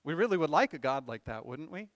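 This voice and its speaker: A man's voice: fairly high pitch, sing-song, fast, no room sound. A man preaching a sermon as pastor, earnest, asking rhetorical questions and pressing his points with emphatic swells.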